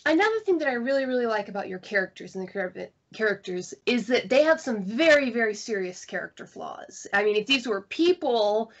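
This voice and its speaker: A woman's voice: on the high side, lively intonation, a little fast, hardly any pauses. A woman interviewer who teaches, asking long chatty questions with some stumbles. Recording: dull lo-fi sound.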